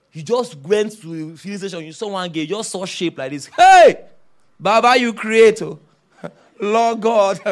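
Lively high-voiced male preacher. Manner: animated storytelling, shouting and laughing. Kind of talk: sermon.

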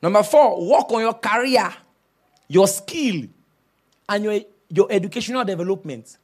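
Lively high-voiced male preacher. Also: moderate pace. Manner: animated storytelling, shouting and laughing. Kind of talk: sermon.

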